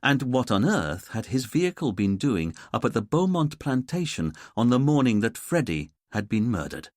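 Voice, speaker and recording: A man narrating a mystery audiobook in an expressive storytelling manner. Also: medium pitch, moderate pace, dry recording. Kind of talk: scripted narration. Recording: dry close studio sound.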